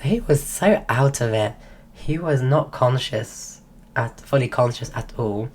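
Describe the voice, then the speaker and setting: A woman's voice: a bass voice, animated, measured pace, a little mellow, a little hiss or hum. A woman streaming, telling a rambling story in casual chat while losing her voice. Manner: rambling, full of restarts.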